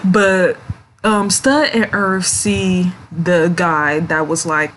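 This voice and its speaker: A woman's voice: fairly low pitch, fairly even intonation, extremely slow, a bit bright, a little hiss or hum. Giggly chatty woman recapping a show. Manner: chatty, giggly, does voices for the characters. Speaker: series reviewer. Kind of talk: casual recap vlog.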